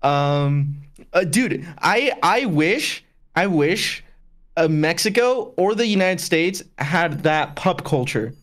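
A man's voice: on the high side, animated, takes it slowly, fairly bright tone. A young man streaming in casual chat, rambling between topics and swearing. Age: young adult.

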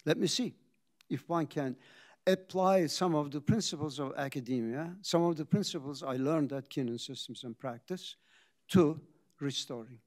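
An older man, a company founder, tells his story in a reflective talk, pausing for drama and acting out the conversations he recounts. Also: fairly high pitch, a little mellow. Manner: dramatic pauses, acts out quoted dialogue.

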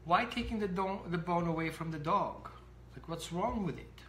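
A dog trainer giving an animated explanatory talk to camera, acting out little scenes. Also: medium pitch, moderate pace, reverberant, a little hiss or hum.

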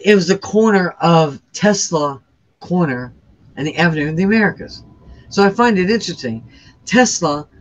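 With the highs cut off, a woman with a low voice is interviewed about her near-death experience. Her account is earnest and rambling, full of fillers and restarted sentences.

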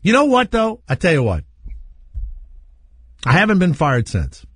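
A man hosting a talk radio show, rambling through candid stories and laughing at his own dark jokes. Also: sits high, huge pitch swings, a little slow, slightly rough, no room sound. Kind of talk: storytelling talk radio chat. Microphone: studio microphone.

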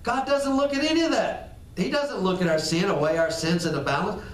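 A man's voice: high-pitched, fairly quick. A man preaching a casual, conversational sermon, acting out little dialogues and repeating phrases for emphasis. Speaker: pastor. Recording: echoey room, far from the mic.

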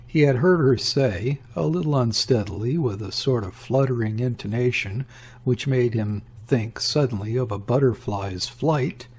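A man reading a literary story aloud in a measured, deliberate narration. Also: medium pitch, a little mellow, slightly rough. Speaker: audiobook reader.

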